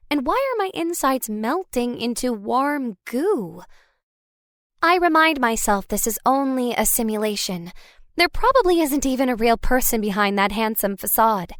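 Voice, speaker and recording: In scripted audiobook narration, a woman with a higher, light voice tells a story in the first person, expressive and wry. The recording is dry and close, with no room sound around her.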